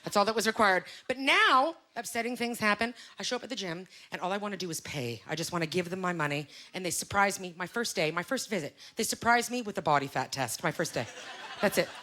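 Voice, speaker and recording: A middle-aged woman doing a stand-up comedy set on a club stage, with an animated, self-mocking delivery full of rhetorical questions. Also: mid-range voice, quick pace. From Canada. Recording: live club recording, loud crowd laughter and noise.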